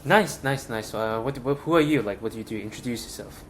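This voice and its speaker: A young man casually talking through a software demo, loose and chatty with many fillers, recorded at a desk mic. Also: medium pitch, a little fast. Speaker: tech tutorial host. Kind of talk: casual screen-share walkthrough. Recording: noisy background with keyboard clicks.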